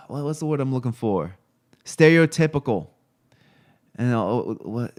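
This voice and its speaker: A man talks casually on a live stream and wanders between thoughts. He stops often to search for words or to check his screen and the chat. His voice is smooth and clear, at an ordinary pitch. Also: lively intonation, darkish tone. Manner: rambling, halting, many fillers and restarts; reads chat and looks things up on screen while talking.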